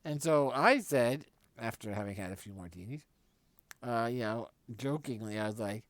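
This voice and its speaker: A man's voice: medium pitch, moderate pace, no room sound. Rambling man telling a dinner story. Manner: rambling, self-correcting, animated when quoting others. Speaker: live stream host. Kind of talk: casual storytelling monologue.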